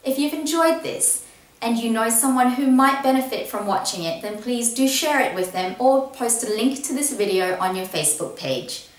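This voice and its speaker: A woman's voice: a little high, expressive, moderate pace, reverberant, far from the mic, rough recording. A woman giving an upbeat, encouraging lesson on presenting, stressing key words as she talks to the camera. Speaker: presentation coach. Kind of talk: instructional talk to camera.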